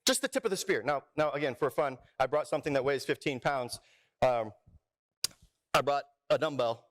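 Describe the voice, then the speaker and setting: A man preaching a sermon as pastor, playful and jokey, with lively asides and crowd work with his congregation. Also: mid-range voice, normal speed. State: out of breath. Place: church sanctuary.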